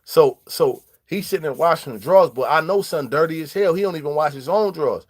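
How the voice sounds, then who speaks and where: A vlogger tells stories in a relaxed storytelling vlog, talking animatedly in street slang with shout-outs to viewers and acted-out dialogue. His voice sits a touch high, with lively intonation and a fairly quick pace.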